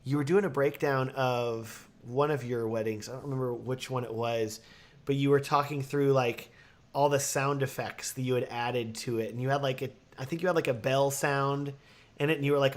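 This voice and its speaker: A man's voice: mid-range voice, steady tone, normal speed. A man hosting a live video Q&A, talking casually and enthusiastically with lots of fillers and restarts. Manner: enthusiastic, rambling with many fillers. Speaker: host of live Q&A stream. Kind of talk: casual live-stream chat.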